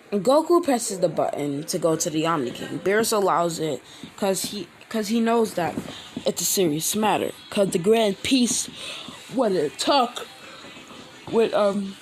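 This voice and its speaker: A man hosting his own channel, telling a fan-made story in a rambling, halting way with many restarts. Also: high voice, sing-song, a little hiss or hum, low-quality recording. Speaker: channel host. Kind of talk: casual fan-fiction storytelling.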